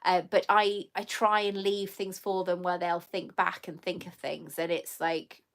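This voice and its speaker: A woman's voice: fairly low pitch, level tone, a little slow, a bit bright. A middle-aged woman chatting casually on a live stream. She reads viewers' comments aloud, thanks them, and mocks herself with a laugh. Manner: chatty and self-mocking, reading comments aloud, laughing often. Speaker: YouTuber answering live chat.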